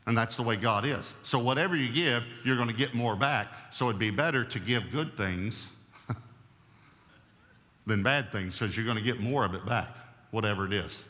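A man preaching a sermon as pastor, emphatic and repeating key phrases, slowing down to read scripture. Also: mid-range voice, bright, forceful tone. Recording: long hall reverb.

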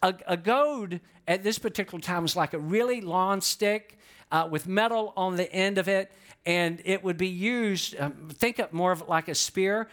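A man's voice: high voice, normal speed, a bit bright. A man preaching a sermon in a conversational, explanatory way, putting questions to the congregation. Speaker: pastor.

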